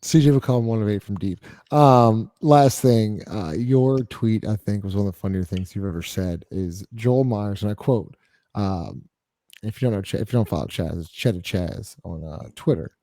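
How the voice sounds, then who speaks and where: A man's voice: fairly low pitch, moderate pace, dark tone, no room sound, studio quality. A man co-hosting a sports podcast in casual talk, blunt and exasperated, laughing easily. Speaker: podcast co-host.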